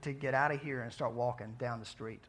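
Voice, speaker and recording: A man preaching a sermon in a conversational way, asking his listeners questions and swinging between soft, quiet passages and emphatic outbursts. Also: medium pitch, steady tone, brisk. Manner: conversational, asks the audience questions. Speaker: pastor.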